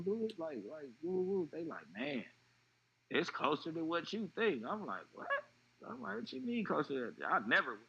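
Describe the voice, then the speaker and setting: A man telling a personal story in an interview, animated and acting out what others said. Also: medium pitch, breathy edge, lo-fi sound. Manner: animated retelling, acting out quoted voices. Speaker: interview guest.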